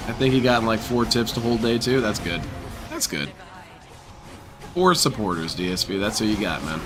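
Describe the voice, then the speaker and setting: A low-voiced man gives casual, sarcastic commentary over a restreamed game. His delivery swings widely in pitch and is full of profanity and mockery. Music plays loudly behind him. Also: animated, normal speed.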